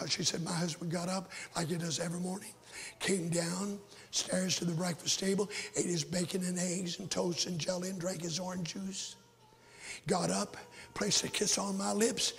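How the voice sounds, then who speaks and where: A raspy older man preaches, telling his story in a fervent sermon that swings from shouts to hushed whispers. His voice sits high and gravelly, with a husky edge. It rings out in a hall with a long echo. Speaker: pastor. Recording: echoey hall.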